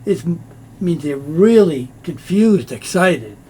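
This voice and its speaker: A man teaching English pronunciation, explaining slowly and repeating phrases to show how they sound. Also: on the high side, animated, mellow, slight background noise. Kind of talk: pronunciation lesson.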